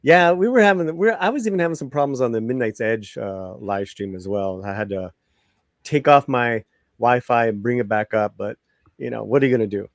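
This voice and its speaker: A man's voice: mid-range voice, fairly quick, no room sound, studio quality. A man hosting a live-streamed talk show, chatty, laughing easily and repeating his phrases. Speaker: host.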